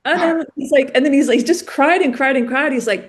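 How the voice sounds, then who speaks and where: In a high-pitched, fairly quick voice, a woman guesting on a podcast tells conversational stories, bringing them to life by acting out the dialogue.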